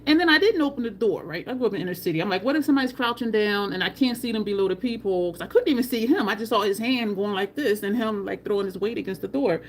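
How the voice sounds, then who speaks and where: A woman's voice: mid-range voice, fast talker, few pauses, slight background noise. A woman beauty vlogger, telling a story casually and expressively to her viewers, now and then swearing.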